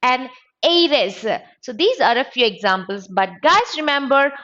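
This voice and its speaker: Woman teaching grammar, high lively voice, repeats sounds over and over, kinda dull lo-fi audio. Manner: slow, drills sounds by repeating them. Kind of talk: exam-prep grammar lesson.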